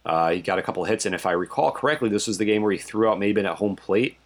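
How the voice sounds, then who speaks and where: A man's voice: lowish voice, fast talker. A man from Connecticut co-hosting a casual sports podcast, giving dry, stat-heavy game recaps late at night. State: sleepy. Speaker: podcast co-host.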